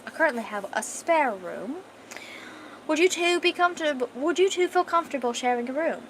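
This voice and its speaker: A woman's voice: high-pitched, lively intonation, a little fast, fairly bright tone, slight background noise, voice pushed up, rough recording. A woman playing a haughty posh queen. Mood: posh, gracious. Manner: prim, overly polite posh speech.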